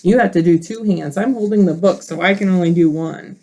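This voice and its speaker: A woman teacher reading a picture book aloud to children, expressive and asking listeners questions. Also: lowish voice, brisk.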